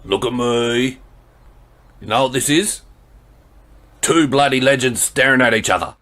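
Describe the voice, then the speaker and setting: A man's voice: mid-range voice, a little slow. A man putting on a brash Australian bloke. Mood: boisterous. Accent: Australian (put on). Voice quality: loud, slangy banter.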